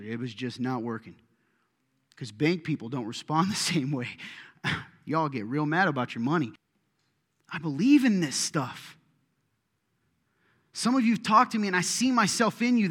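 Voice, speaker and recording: A man's voice: a little high, fairly bright tone. Conversational preacher man in a reverberant hall. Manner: conversational, joking, rising to emphatic preaching. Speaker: pastor. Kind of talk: sermon. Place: church sanctuary.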